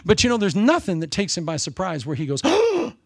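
An older man preaching a sermon in a folksy, humorous way, swinging between loud emphasis and soft asides. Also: a little high, expressive, quick pace, no room sound, studio quality.

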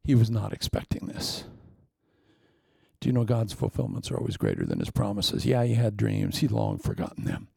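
A man preaching a sermon, telling a story with lively asides, acted-out lines and sound effects. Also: fairly low pitch, moderate pace, vocal fry, breathy edge, dry recording.

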